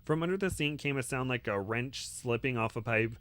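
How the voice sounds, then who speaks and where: A man's voice: medium pitch, brisk, fairly bright tone, clear, resonant tone, dry recording. A man hosting a podcast where he reads a novel aloud and chats playfully between passages. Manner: playful, chatty, laughs easily. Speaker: podcast host. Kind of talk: reading a novel aloud, with casual chat.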